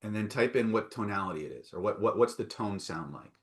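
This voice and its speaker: This man's voice sits lowish and moves fairly quickly with an animated feel. He runs a live online self-help class in a coaxing, emphatic way, repeatedly asking "right?" and "okay?" and reading out replies from the chat.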